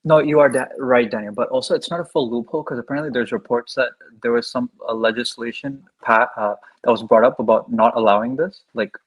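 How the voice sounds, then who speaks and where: A man's voice: medium pitch, fairly even intonation, fairly quick, hardly any pauses, rough recording. A man, a panelist in a casual chat, explaining at length and repeating himself.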